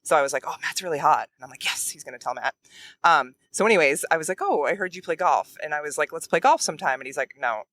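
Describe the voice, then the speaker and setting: Behind the wheel of a moving car, an adult woman guest animatedly recounts a story in casual conversation and acts out what people said. Her voice sits low and moves quickly, with no room sound.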